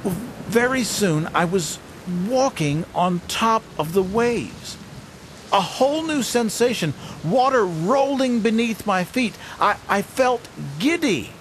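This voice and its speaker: A man telling a dramatic first-person story as a fisherman disciple, halting and stammering with wonder. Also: sits high, lively intonation, slight background noise. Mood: earnest, wondering. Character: fisherman disciple recalling his teacher, earnest.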